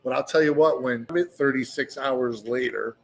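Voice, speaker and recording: A man in the middle of his pitch range, telling a profane story at an easy conversational clip. He talks loosely and animatedly, acting out the other people in his tale. He is recorded at a bar during a live chat. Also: moderate pace, creaky. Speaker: guest. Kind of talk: casual storytelling. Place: meadery bar.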